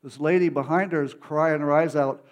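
A man preaching, telling a story of his own testimony in an emotional, animated way with many restarts. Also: fairly high pitch, moderate pace.

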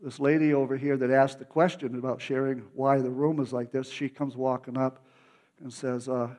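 A man preaching, telling a story of his own testimony in an emotional, animated way with many restarts. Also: medium pitch, normal speed.

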